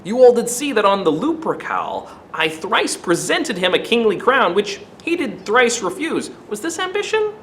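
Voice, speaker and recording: A man voicing a grieving Roman orator, reciting his funeral speech in a soft, measured way. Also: sits high, huge pitch swings, slight background noise, pitched above the performer's own voice, heavily acted, rough recording. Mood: hushed, persuasive. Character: grieving Roman orator, male, quietly persuasive.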